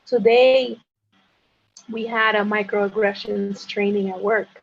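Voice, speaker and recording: A woman guest in a casual chat who talks in halting bursts with many restarts and likes to tease. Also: mid-range voice, fairly even intonation, creaky. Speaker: interview guest. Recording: dull lo-fi sound.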